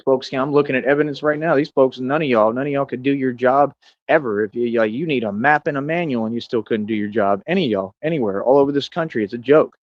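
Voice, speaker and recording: A man's voice: mid-range voice, fast talker. Boastful ranting man in his thirties. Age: 30s. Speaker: streamer. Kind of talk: rambling livestream monologue. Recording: dull lo-fi dry sound.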